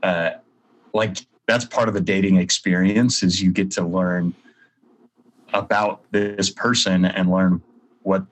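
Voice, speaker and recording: A man's voice: deep voice, fairly even intonation, slow, low-quality recording. A man co-hosting a podcast, talking candidly about dating in a self-deprecating, rambling way. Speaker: podcast co-host. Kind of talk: casual chat.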